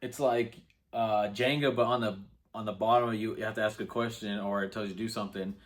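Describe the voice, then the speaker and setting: A man co-hosting a movie review, calmly retelling the plot in casual chat. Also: lowish voice, quick pace. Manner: laid-back play-by-play recap, acting out lines.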